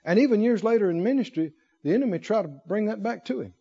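A man preaching a sermon in an animated way, firing rhetorical questions and breaking into laughter. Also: high voice, quick pace, husky. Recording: dull lo-fi recording.

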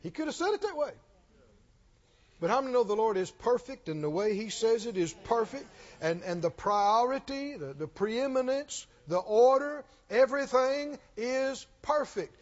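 A man's voice: very high-pitched, lively intonation, normal speed. A man preaching a sermon in a church, emphatic and questioning, often repeating his lines. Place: church sanctuary. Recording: dull recording with long hall reverb.

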